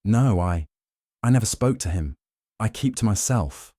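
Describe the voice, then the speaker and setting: A man's voice: on the low side, animated, a little slow, mellow, no echo, studio quality, pitched above the performer's own voice. A man voicing a shy, nervous young woman passenger who speaks barely above a whisper. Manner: timid near-whisper, evasive. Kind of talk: audiobook character reading.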